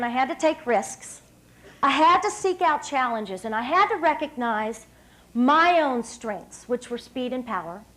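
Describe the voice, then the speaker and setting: High, bubbly woman giving a speech. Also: low-quality recording. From West Virginia. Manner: upbeat, storytelling, emphatic. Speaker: hall of fame speaker. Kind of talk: public speech. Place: stage at an evening banquet.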